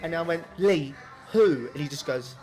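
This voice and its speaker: A man's voice: fairly high pitch, normal speed, music in the background. A young British man, a podcast co-host, telling a crude story in casual chat, swearing a lot and acting out the voices. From Britain. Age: young adult.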